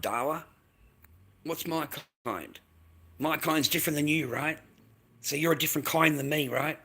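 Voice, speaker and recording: A man's voice: on the high side, normal speed, vocal fry, long pauses, pushed and bright, breathy edge. An Australian man ranting on a live stream, aggressive and profane, repeating himself and snapping back at viewers in chat. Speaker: livestreamer. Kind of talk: angry live-stream rant.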